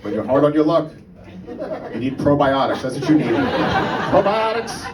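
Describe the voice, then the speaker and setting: A man's voice: a little high, very animated, moderate pace, a crowd in the background. A man doing a stand-up comedy set on a club stage, talking in a conversational, profane way and often checking in with "right?". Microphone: mic on a stand. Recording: roomy live room, mic far off, background noise.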